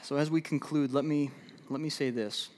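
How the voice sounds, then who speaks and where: A man preaching a sermon as a pastor, from the American Midwest, swinging between loud emphatic stretches and low, slow, quiet passages. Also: fairly even intonation. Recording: long hall reverb.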